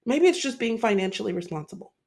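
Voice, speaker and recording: Woman cohost, super animated voice, wry comments, casual podcast chat. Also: medium pitch, fast talker, husky. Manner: lively, exclaiming, wry asides. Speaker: podcast co-host.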